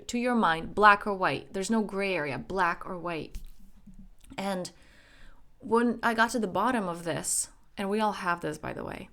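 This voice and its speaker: A woman's voice: mid-range voice, fairly bright tone. A young adult woman, a life coach, giving an emphatic motivational self-help talk, acting out her own inner dialogue.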